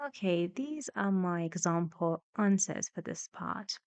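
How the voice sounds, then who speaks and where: A woman's voice: on the low side, animated, a little mellow, clear, resonant tone, dry recording. A woman English teacher explaining a listening exercise in a video lesson, patient and encouraging. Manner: patient, encouraging, slightly halting.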